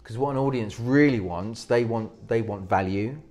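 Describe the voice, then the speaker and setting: A speaking coach gives presentation advice in an interview, talking energetically, often restarting sentences and demonstrating techniques as he goes. His voice is on the low side and a little mellow, at normal speed, with soft background music.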